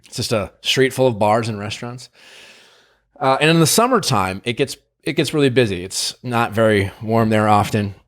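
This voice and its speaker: A man's voice: medium pitch, normal speed. A man hosting a podcast, casually telling a long personal story, full of fillers and tag questions. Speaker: podcast host.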